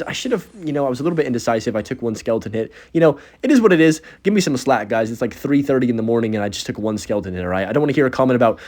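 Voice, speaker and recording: A man's voice: mid-range voice, animated, racing, few pauses, darkish tone. A young man giving casual, joking commentary over his own gameplay, sarcastic and chatty as he narrates each move. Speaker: gaming content creator.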